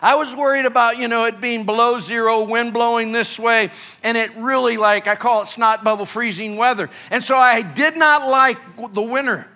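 A male pastor from Illinois, preaching an animated sermon that swings between loud urgency and quiet, hushed moments. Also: very high-pitched, moderate pace.

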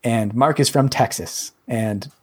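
A man co-hosting a podcast in casual chat, easygoing and pausing between phrases. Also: mid-range voice, darkish tone. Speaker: podcast co-host.

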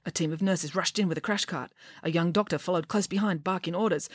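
A woman's voice: sits low, fast, dry recording, studio quality. A woman reading her own children's novel aloud for a podcast, switching between voices for each character.

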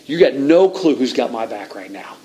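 A man shouting as a fearless defiant shepherd boy. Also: mid-range voice, lively intonation, normal speed, lightly acted.

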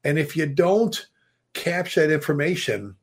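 A man's voice: on the high side, animated, moderate pace, husky. A middle-aged man, a fire chief and author, telling stories emphatically as a guest in a casual podcast talk, now and then swearing. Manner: storytelling, emphatic, mild swearing.

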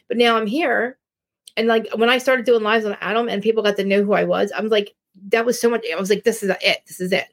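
A woman's voice: mid-range voice, steady tone, quick pace. A woman from New Jersey with a Jersey accent, hosting a casual live-stream chat in a blunt, rambling way with many restarts. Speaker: live-stream podcast host.

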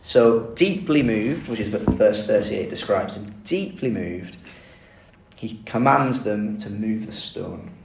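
A man preaching a conversational sermon, telling the story with lively asides and rhetorical questions. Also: on the low side, takes it slowly, gravelly, a little hiss or hum. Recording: echoey room, mic at a distance.

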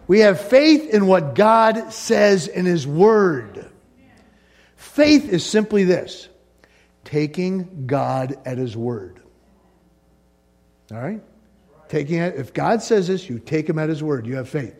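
A man preaching a sermon as pastor, animated, acting out the voices of doubting listeners. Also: sits high, takes it slowly.

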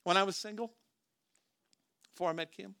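A man's voice: sits high, steady tone, moderate pace, creaky, bright, forceful tone, clear, resonant tone, no echo, clean studio sound. A man preaching a sermon as pastor, talking to the congregation in a conversational way, with rhetorical questions and frequent restarts.

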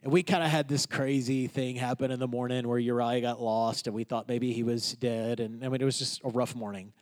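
A man who is a pastor telling a personal story in a sermon, moving between loud, emphatic lines and quiet, hushed ones. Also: mid-range voice, steady tone, a little fast.

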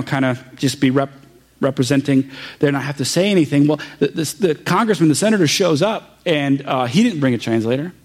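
A young adult man from the Saint Louis area giving an earnest, halting sermon testimony that builds to an impassioned close. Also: fairly high pitch, a little mellow. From Saint Louis area, Missouri. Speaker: pastor.

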